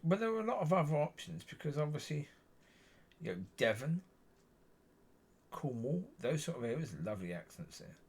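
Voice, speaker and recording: Man, low and gravelly, husky tone, lively pitch swings, meandering faith vlog monologue. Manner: meandering, repeats himself, frequent self-corrections. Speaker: Christian vlogger. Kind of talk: rambling personal testimony.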